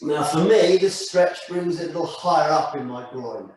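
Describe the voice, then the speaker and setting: Recorded from a mic set far off in an echoey room, a man with a somewhat higher voice calmly and slowly talks a class through a stretching session one step at a time, in the manner of a guided exercise instructor.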